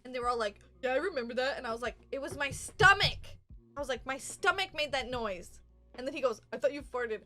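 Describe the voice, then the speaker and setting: Bright high-voiced young woman telling a story. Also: brisk. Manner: animated, laughs often, acts out quotes loudly. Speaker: podcast co-host. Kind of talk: casual storytelling chat.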